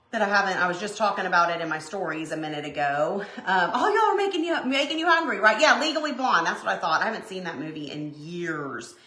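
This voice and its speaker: A woman's voice: on the low side, bright, forceful tone. A woman hosting a live crafting stream, chatting casually with viewers in a rambling way with lots of asides. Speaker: craft livestream host. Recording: echoey room.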